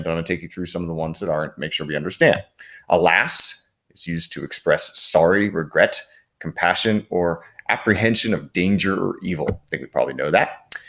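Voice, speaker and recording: A man with a low, deep voice teaches a recorded lesson. He explains step by step at an easy pace, with plenty of "uh" and "um" along the way. Now and then he reads short quoted lines aloud in the same plain voice. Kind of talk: recorded classroom lecture.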